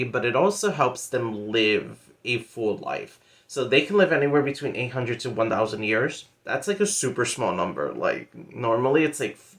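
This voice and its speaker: A man with a mid-range, fairly bright voice hosts a casual monthly reading wrap-up on his book vlog. He retells a story in a loose, chatty way, sprinkling in playful asides and lots of fillers like "like" and "pretty much."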